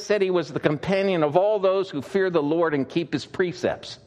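A male pastor delivers a sermon like a told story, relaxed and conversational. His speech is full of fillers and small restarts, and his voice sits slightly high for a man. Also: moderate pace, few pauses.

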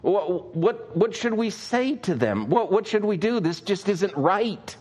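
A man's voice: high-pitched, very animated, unhurried, darkish tone, voice pushed up, heavily acted. A man voicing fussy older churchwomen who ask fretful, stammering questions. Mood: scandalized.

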